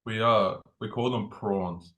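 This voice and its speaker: A man's voice: fairly low pitch, fairly even intonation, takes it slowly, sharp tone. A man with an Australian accent co-hosting a podcast, upbeat and laughing often. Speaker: podcast co-host. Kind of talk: casual podcast chat.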